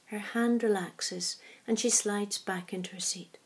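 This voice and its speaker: Soft-spoken woman reading a story. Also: mid-range voice, a little slow, hardly any pauses, slightly rough. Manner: soft, hushed narration. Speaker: narrator.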